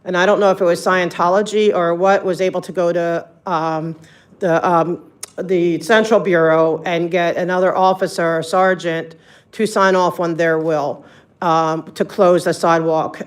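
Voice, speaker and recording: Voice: medium pitch, fairly even intonation, a little slow. Rambling, hesitant public commenter. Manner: rambling, hesitant, full of ums.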